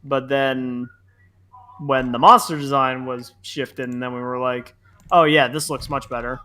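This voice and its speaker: A man's voice: medium pitch, steady tone, a little slow, bright, forceful tone. A young man from Central New Jersey, co-hosting a podcast in a casual, rambling chat full of fillers. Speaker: podcast co-host.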